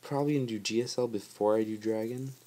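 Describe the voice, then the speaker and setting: A man's voice: lowish voice, fairly even intonation, fast talker, dark tone. A man giving casual, chatty gameplay commentary over his footage, joking about himself and laughing often.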